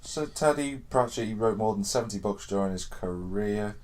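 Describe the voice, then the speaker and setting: A man's voice: on the low side, normal speed, darkish tone. A young man from the UK hosting a podcast in casual, jokey banter. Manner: jokey, laughing, swearing banter. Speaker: podcast host. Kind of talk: casual chat.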